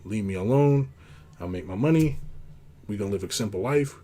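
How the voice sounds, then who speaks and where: A man hosting a casual monologue, rambling and blunt, acting out quoted lines in a high put-on voice. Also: animated, fairly quick, dark tone. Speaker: host.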